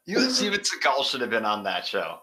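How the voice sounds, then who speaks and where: A man co-hosting a podcast, reacting with excitement in casual chat. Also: medium pitch, brisk, slight background noise. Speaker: podcast co-host.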